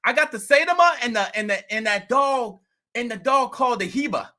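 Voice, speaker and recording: A man voicing his excited neighbor, a crypto newbie who boasts in a high, gleeful voice. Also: brisk, heavily acted.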